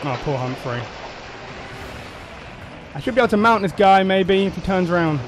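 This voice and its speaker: A man commentating on his own gameplay, excitable, swearing, shouting and laughing at the action. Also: high-pitched, normal speed, very noisy. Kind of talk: let's play commentary.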